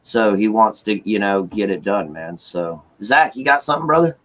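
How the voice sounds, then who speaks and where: A man's voice: lowish voice, normal speed, a bit bright, rough recording. A man casually telling a long story, full of fillers and acted-out quotes. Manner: rambling, many fillers, acts out quotes. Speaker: caller sharing news.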